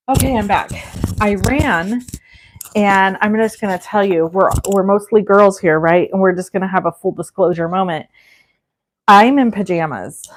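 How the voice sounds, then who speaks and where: A woman's voice: mid-range voice, moderate pace, noisy background. A woman in her forties hosting a live crafting demo, talking in a chatty, rambling, self-deprecating way. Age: 40s. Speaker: craft livestream host.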